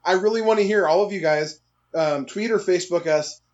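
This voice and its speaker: A man co-hosting a podcast in earnest, hesitant chat with many fillers. His voice sits a bit high, and the recording sounds slightly dull. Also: brisk, a little mellow. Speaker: podcast co-host. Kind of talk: casual chat.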